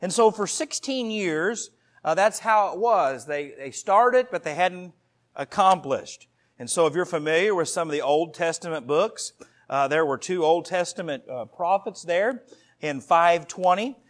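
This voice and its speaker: A man in his thirties preaching a sermon to his congregation, earnest and storytelling, with asides to the listeners. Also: on the high side. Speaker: pastor.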